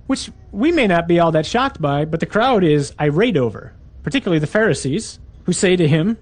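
A man preaching a sermon, reading scripture aloud and acting out quoted lines with animated, shifting delivery. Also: on the high side, a little fast.

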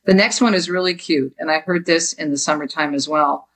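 A woman's voice: low-pitched, fairly quick, poor audio. A woman author from Jersey City with a New Jersey accent, a guest explaining her book and telling stories about her mother. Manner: lively storyteller, quotes her mother.

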